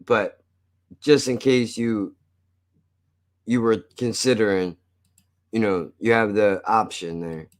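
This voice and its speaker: A man's voice: lowish voice, steady tone, takes it slowly, pauses often. Profane man with a South Jersey accent. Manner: loose and profane, talks to chat. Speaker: streamer. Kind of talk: casual live-stream chat.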